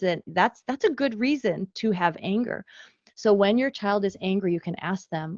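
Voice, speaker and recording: Woman giving an animated parenting webinar talk. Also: mid-range voice, normal speed, no echo, lo-fi sound. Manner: animated, acts out parent and child quotes. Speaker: author and speaker.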